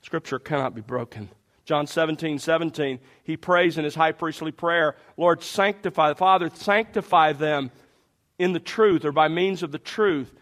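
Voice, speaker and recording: A man's voice: on the high side, normal speed. A man preaching a sermon, walking listeners through passages and speaking to the congregation directly. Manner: animated expository preaching, addressing the congregation directly.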